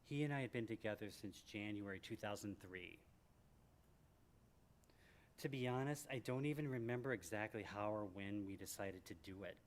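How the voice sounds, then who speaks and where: A man in his sixties from Michigan, reading from his memoir to a live audience in a library event room, animated and joking. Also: normal speed, a little hiss or hum. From Michigan, USA. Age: 60s. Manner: animated and joking, with big swings in pitch and loudness. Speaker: author at a book event.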